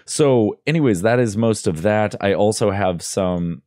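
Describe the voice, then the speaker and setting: A man's voice: on the low side, expressive, measured pace, warm tone, dry recording, studio quality. A man casually hosting an audio tutorial, rambling and hesitant with frequent fillers and restarts. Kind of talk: casual screen-recorded tutorial.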